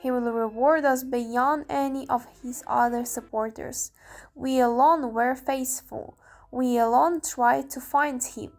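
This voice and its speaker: A fanatical woman prisoner declaims her defiance with pride, as a young woman reads her. The voice is high and unhurried, over faint background music. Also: fairly even intonation, darkish tone. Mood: defiant.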